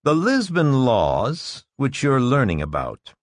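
A self-assured school director holds forth to a room of children in a slow, sweeping, sing-song manner that climbs high on its key words, as a storyteller puts him on. His voice is dry and close, with no room around it. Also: huge pitch swings, dry recording, full character voice. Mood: lecturing. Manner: declamatory, lecturing. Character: confident male school director lecturing children.

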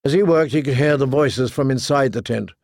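A man reading a story aloud as narrator, with steady storytelling. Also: medium pitch, a little fast, gravelly, dry recording, clean studio sound. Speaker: audiobook narrator. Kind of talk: scripted narration.

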